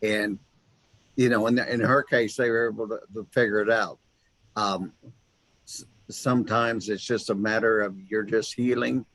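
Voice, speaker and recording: A man hosting an interview, chatting casually and telling stories with lively restarts and asides. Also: on the low side, moderate pace, no room sound, rough recording. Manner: animated storyteller, self-interrupting restarts. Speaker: host.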